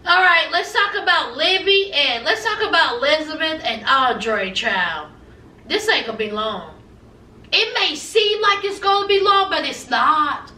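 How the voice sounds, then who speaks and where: Woman, high bright voice, sassy TV-recap gossip, roomy far-off mic sound. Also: animated, a little slow, a little hiss or hum. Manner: sassy, gossipy, acts out the cast's lines. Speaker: recap vlogger. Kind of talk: casual TV recap commentary. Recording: echoey room, mic at a distance.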